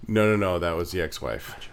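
A man co-hosting a podcast, talking in casual chat with a halting, hesitant manner and quiet asides. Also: sits low, animated, vocal fry. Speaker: podcast co-host.

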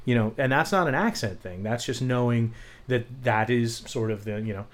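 A man co-hosting a casual chat about accents, joking and quick with asides. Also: mid-range voice. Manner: jokey, quick asides, laughs easily. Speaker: podcast co-host.

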